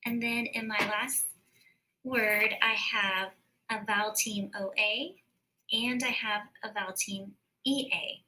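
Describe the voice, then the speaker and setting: Bright-voiced woman teaching phonics. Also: mid-range voice, steady tone, a little hiss or hum, poor audio. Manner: slow, careful sounding-out of words. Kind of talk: recorded phonics lesson.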